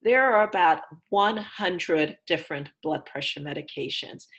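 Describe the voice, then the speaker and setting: Woman, physician guest, low voice, patient teacherly explaining, video call. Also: unhurried, fairly bright tone, lo-fi sound. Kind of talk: explaining health advice.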